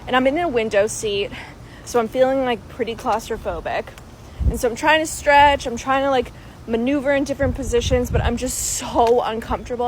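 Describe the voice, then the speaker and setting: A young pregnant woman telling a casual storytime vlog, chatty and expressive, swearing freely. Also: a little high, moderate pace, a little hiss or hum, rough recording. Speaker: vlogger.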